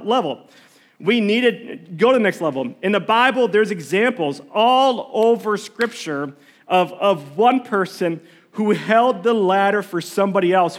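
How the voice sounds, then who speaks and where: Guy with a pretty high voice preaching in church, chatty storytelling, restarts a lot. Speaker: pastor. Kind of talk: sermon with prayer. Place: church sanctuary.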